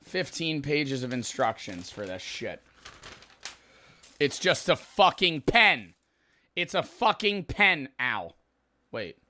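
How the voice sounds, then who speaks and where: A young male streamer with a fairly high, bright, forceful voice reels from spicy food during casual livestream chat, swearing a lot and sounding exasperated. He is very animated yet speaks slowly, pausing often, and rambles.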